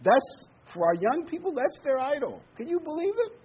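A man preaching a sermon, talking conversationally and slowing down to read scripture with emphasis. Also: extremely high pitch, very animated. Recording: dull lo-fi recording with faint noise.

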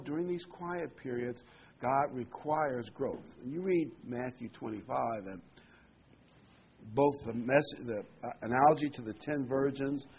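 Male preacher, sermon with scripture reading, emphatic repetition, medium pitch, lo-fi muffled sound. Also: slight background noise. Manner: emphatic, repeats key phrases. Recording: muffled lo-fi recording.

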